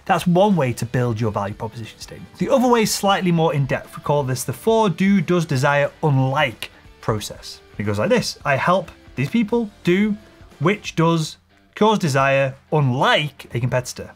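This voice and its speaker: A man teaching as a sales coach, talking straight to camera and acting out example pitches in a relaxed conversational tone. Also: moderate pace, soft background music. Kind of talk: instructional talk to camera.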